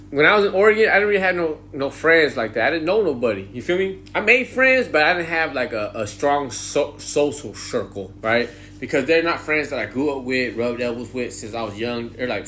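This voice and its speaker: Streetwise man spinning a story, bright and lively delivery, faint hiss behind. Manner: animated, slangy, swearing, mimics high-pitched greetings. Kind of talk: casual storytelling monologue.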